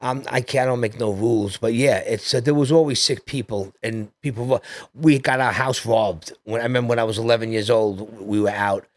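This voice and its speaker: A man in his fifties with a New York accent, a podcast guest telling rambling, animated stories from his childhood in a casual chat. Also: medium pitch, fairly quick, no echo. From New York City. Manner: animated, rambling anecdotes with restarts.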